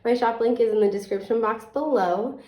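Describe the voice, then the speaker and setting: A woman's voice: fairly high pitch, brisk. Sniffly woman reading tarot, echoey room. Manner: chatty, filler-heavy, gentle advice. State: sniffly, with occasional coughs. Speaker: tarot reader. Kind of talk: casual pick-a-card reading. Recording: echoey room, mic at a distance.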